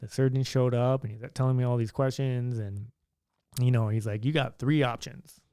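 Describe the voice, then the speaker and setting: A man's voice: mid-range voice, fairly even intonation, normal speed, warm tone, clear, resonant tone, dry recording, clean studio sound. A young man telling a story in a laid-back, chatty way, acting out what others said. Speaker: vlogger. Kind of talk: casual storytelling.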